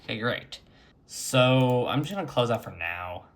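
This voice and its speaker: Slow-talking man narrating his screen. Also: mid-range voice, animated. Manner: unhurried, chatty, mutters while clicking. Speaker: retro computing vlogger. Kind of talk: casual screen-recording commentary.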